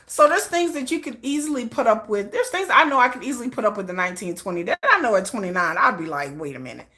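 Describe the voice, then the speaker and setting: A woman with a Texan twang hosting a casual livestream, chatty and animated, often restarting her sentences. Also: a little high, fast. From Texas. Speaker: K-pop news livestream host.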